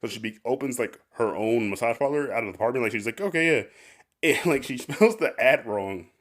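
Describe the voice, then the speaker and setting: A man's voice: mid-range voice, quick pace. A man hosting a casual podcast, rambling with lots of fillers and laughing often. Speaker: podcast host.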